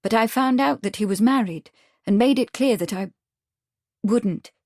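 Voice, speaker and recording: A woman's voice: fairly high pitch, measured pace, a little mellow, dry recording, clean studio sound. A woman doing a spirited young runaway lady. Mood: lively.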